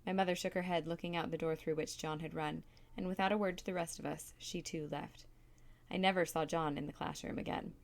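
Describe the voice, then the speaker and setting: A woman reading a chapter of a novel aloud in a calm, steady narrating voice. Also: low voice, a little fast, gravelly. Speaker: reader.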